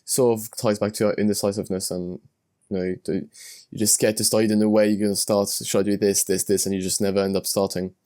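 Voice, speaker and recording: A man's voice: lowish voice, level tone, quick pace, dark tone. A man hosting a podcast, talking loosely, with hesitant fillers and the odd curse word. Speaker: podcast host. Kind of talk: casual podcast conversation.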